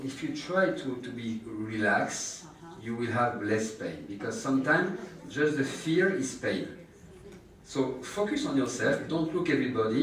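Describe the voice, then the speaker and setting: A man teaching a live injection class, explaining each step and joking with the patient. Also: mid-range voice. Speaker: aesthetic injection trainer. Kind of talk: live hands-on class demonstration. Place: treatment room with an audience. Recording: echoey room picked up from a distance.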